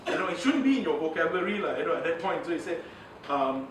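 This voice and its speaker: A man's voice: high-pitched, sing-song, fast, few pauses, a bit bright. A man giving a chatty training lecture, full of fillers and asides. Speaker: communications trainer. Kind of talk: informal workshop lecture. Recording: echoey room from far off, faint hiss.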